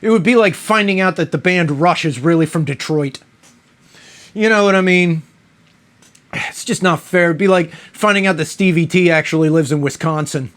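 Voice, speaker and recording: A man's voice: fairly high pitch, normal speed, fairly bright tone. Mock-outraged man reviewing a beer. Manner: mock-outraged, rambling, profane. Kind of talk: casual beer review monologue.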